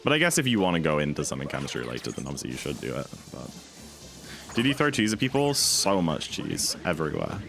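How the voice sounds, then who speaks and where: Young British male streamer: deep, gravelly, chatty, lively swings in pitch, sudden outbursts. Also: fast, faint music behind. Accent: British English. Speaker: speedrun streamer. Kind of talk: casual livestream chat.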